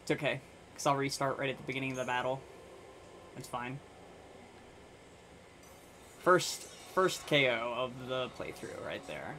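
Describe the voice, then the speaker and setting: A man's voice: medium pitch, expressive, a little slow, long pauses, pushed and bright, slight background noise. Man muttering let's-play commentary. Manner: muttering, thinking aloud to himself. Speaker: gaming channel host. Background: faint game music.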